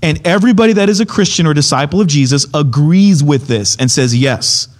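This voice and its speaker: Male preacher, slightly high voice, casual, insistent Bible teaching. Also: brisk. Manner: emphatic, keeps checking in with "okay?"; repeats key points, restarts phrases.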